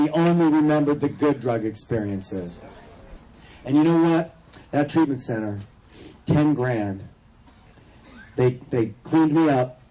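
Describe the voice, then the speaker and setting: Speaking at a recovery convention, a man from California with a dark, mid-range voice shares his personal story in a loose, joking style with asides to the crowd. The audio is poor, with audience laughter and room noise in the background.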